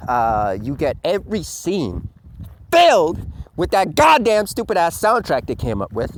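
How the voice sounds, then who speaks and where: A man ranting in a review commentary, swearing freely and padding his lines with fillers. His voice sits a bit high and swings wildly in pitch, from low mutters to loud yelps. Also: wildly swooping pitch, a little slow, slight background noise. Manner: profane, ranting, full of fillers.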